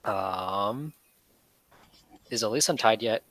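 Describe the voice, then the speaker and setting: Man, tabletop player, bright lively voice, close dry mic. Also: fairly low pitch, takes it slowly, no echo, rough recording. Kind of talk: casual tabletop play.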